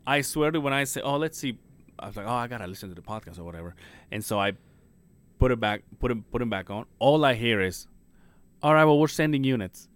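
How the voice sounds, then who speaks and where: A man's voice: on the low side, animated, fast talker, fairly bright tone. A man co-hosting a podcast, telling a rambling story with a lot of swearing and laughter. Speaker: podcast co-host. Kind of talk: casual chat.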